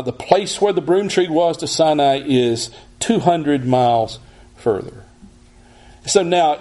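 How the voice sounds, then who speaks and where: A man giving an expository sermon, teaching in a measured way and often restarting his phrases. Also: a little high, dark tone.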